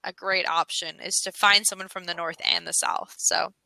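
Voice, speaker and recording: Bright, chatty American woman tutor. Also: on the low side, little pitch movement, normal speed, creaky, no echo, low-quality recording. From United States. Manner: chatty, laughs often, gives suggestions. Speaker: online English tutor. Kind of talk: casual conversation lesson.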